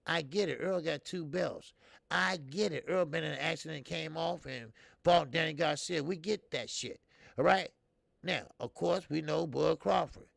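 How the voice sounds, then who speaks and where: A man in his fifties rants about boxing in a heavily gravelly, fry-laden voice pitched a little high. He swears freely, restarts his sentences and piles on fillers, and he swings from loud emphatic bursts down to low mutters. The sound is close and dead dry. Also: normal speed, no room sound. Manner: profane, rambling, many fillers and restarts. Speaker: boxing show host. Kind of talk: casual opinionated commentary.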